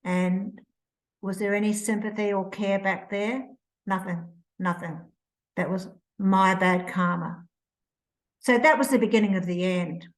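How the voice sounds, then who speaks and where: Slow-spoken older New woman. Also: mid-range voice, steady tone, rough recording. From New Zealand. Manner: slow, reflective, emotional retelling with restarts. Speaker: author, interview guest. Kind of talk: personal storytelling.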